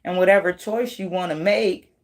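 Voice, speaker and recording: A woman's voice: fairly low pitch, normal speed. A woman giving a casual tarot reading, blunt and profane, laughing often as she talks. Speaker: tarot reader.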